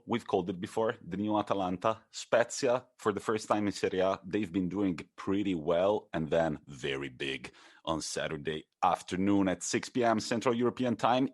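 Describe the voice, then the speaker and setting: A man co-hosting a podcast, running through football fixtures enthusiastically and teasing his co-host. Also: low-pitched. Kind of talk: casual football chat.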